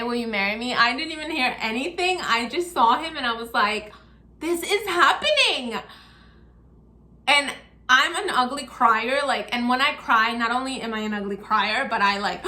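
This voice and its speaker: A young woman recounts a personal story in a casual, chatty vlog, slipping into the voices of the people she quotes. Her voice sits a little high and sounds bright and forward. It is recorded in an echoey room with a faint hum of ambience behind her. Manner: chatty, acts out quoted dialogue in her retelling. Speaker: vlogger.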